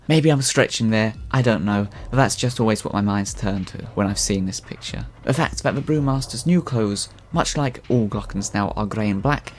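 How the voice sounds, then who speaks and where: A man's voice: medium pitch, a little mellow, slight background noise. Man narrating a thoughtful commentary. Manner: thoughtful, opinionated, often hedging. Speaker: video essay narrator. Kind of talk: scripted commentary voice-over.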